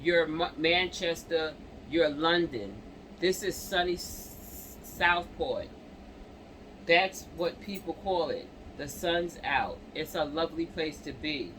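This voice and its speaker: A man hosting a channel, reading a news story aloud haltingly with stumbles and restarts, breaking off for casual comments to viewers while coughing and clearing his throat. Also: on the high side, sharp tone, a little hiss or hum, poor audio.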